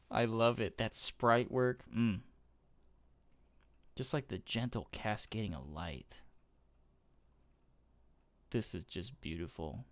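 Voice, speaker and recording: A man giving casual gameplay commentary, gushing with awe and often trailing off into soft murmurs. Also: lowish voice, slow, long pauses. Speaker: gaming YouTuber.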